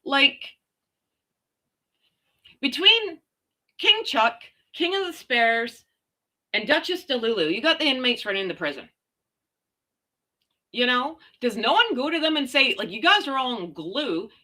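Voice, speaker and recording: Middle-aged woman from Canada, casual ranting vlogger, sarcastic and slangy, bright animated voice. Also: high-pitched, a little slow, pauses often. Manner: blunt, sarcastic, slangy, mild swearing. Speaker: commentary vlogger.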